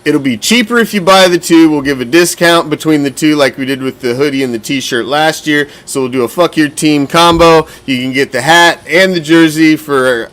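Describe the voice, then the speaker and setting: Man, fan show host, profane and blunt, rambling casual talk, slightly winded, somewhat high voice. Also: fairly bright tone. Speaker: podcast host.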